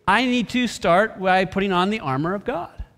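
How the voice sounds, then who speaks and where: A pastor with a voice that sits high preaches a sermon at a moderate pace, reading scripture and briefly voicing the characters. His preaching is expressive, with short impressions of biblical figures, in a reverberant hall.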